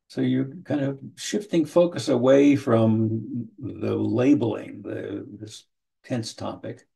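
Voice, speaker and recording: A man teaching counseling skills in an online training session, speaking in a measured way, often repeating his first words and briefly acting out what a client and a counselor might say. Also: medium pitch, vocal fry, dark tone. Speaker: trainer teaching motivational interviewing. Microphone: video call.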